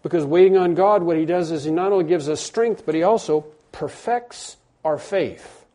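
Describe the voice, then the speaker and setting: Emphatic male preacher, hushed to loud. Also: fairly high pitch, normal speed. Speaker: pastor. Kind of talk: sermon.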